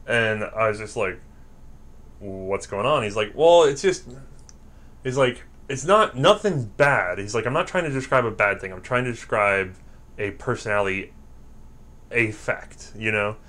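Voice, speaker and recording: A man from the American South with a fairly low voice, swapping stories in an easygoing chat. He is animated, acts out what people said and laughs a lot as he goes. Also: a little slow. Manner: animated storyteller acting out quotes, laughing often. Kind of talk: casual storytelling chat.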